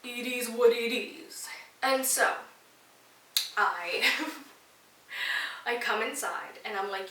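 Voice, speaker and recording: A young woman from Toronto hosting a podcast, telling a story in a sassy, animated, heavily profane way. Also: on the high side, slow pace, long pauses, reverberant, recorded from a distance, a little hiss or hum, poor audio. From Toronto, Canada. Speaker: podcast host. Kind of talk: casual storytelling monologue.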